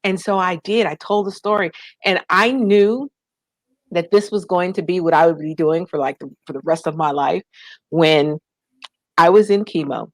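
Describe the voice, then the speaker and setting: A woman with a somewhat low voice tells her story in an interview. She is animated and acts out the voices she quotes. The sound is dry and close. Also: moderate pace, no room sound. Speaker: guest, nonprofit founder.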